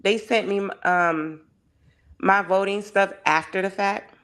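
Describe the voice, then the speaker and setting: A woman's voice: medium pitch, steady tone, slow pace, a bit bright. A woman as a guest in a casual discussion, speaking with passion and piling up rhetorical questions. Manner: impassioned, heavy on rhetorical questions.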